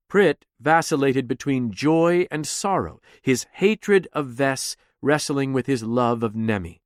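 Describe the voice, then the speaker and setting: Measured male narrator, unhurried, mid pitch, dead-dry studio. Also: no echo. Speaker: audiobook narrator. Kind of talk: scripted narration.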